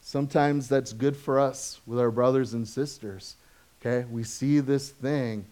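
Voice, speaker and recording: A man in the middle of a sermon, talking to his congregation like friends, tossing them quick questions and tags. He gets lively when telling everyday stories, then drops quiet and low for the serious points. His voice sits at an ordinary middle pitch. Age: adult, has children. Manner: conversational, asks the congregation questions often; swings from animated to soft and low. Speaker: pastor.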